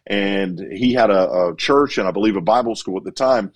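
A middle-aged evangelist being interviewed, spinning a long personal story. His voice sits somewhat low, and he tells it with animated energy. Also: normal speed, few pauses. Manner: animated, acts out quotes.

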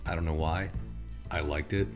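A man's voice: extremely low pitch, moderate pace, over music. A man casually chatting about a movie as a podcast co-host, swearing freely and retelling scenes with animation. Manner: profane, animated storytelling. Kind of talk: casual movie review chat.

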